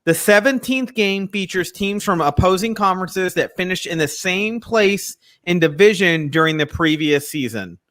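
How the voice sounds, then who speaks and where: A man's voice: high-pitched, animated, normal speed, hardly any pauses, fairly bright tone. A man co-hosting a casual sports chat, joking and sarcastic, often talking over his partner. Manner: joking, sarcastic, talks over the other host. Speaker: co-host. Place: Texas.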